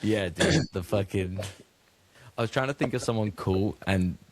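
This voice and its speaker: A man's voice: lowish voice, normal speed, no echo. A man co-hosting a casual comedy podcast, throwing in playful, crude jokes and rambling tangents. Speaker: podcast co-host.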